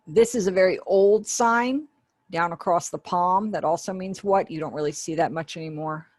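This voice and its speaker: A woman's voice: on the low side, normal speed, a little mellow, dry recording. A woman giving the spoken voice of a sign language teacher in an online class, explaining step by step in a conversational way with small asides. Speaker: ASL voice interpreter for a webinar teacher.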